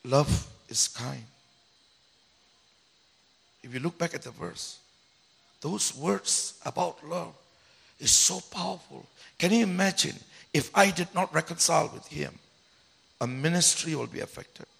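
A man, a pastor, telling a personal story in a sermon in an animated way, swinging between loud and hushed. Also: a little high, measured pace, creaky, pauses often, slightly rough. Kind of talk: sermon testimony.

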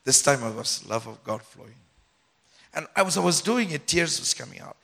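A man, a pastor, telling a personal story in a sermon in an animated way, swinging between loud and hushed. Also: a little high, normal speed, gravelly. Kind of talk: sermon testimony.

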